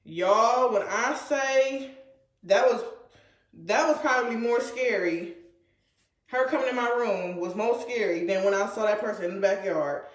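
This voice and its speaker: A woman's voice: fairly high pitch, measured pace. Woman vlogger, casual storytime, rambling and filler-heavy, roomy echo.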